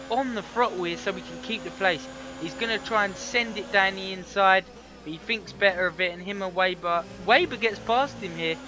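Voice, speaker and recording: A man giving excited, chatty commentary over a racing game, his voice hoarse from shouting. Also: sits high, noisy background. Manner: energetic, chatty, slangy. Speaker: gaming video creator.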